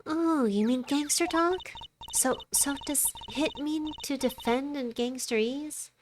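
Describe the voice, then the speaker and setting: A woman's voice: high voice, slow pace, noisy background, pitched above the performer's own voice. A woman voicing a bubbly, naive teenage girl magician, read from a game's dialogue with wide-eyed curiosity. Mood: curious.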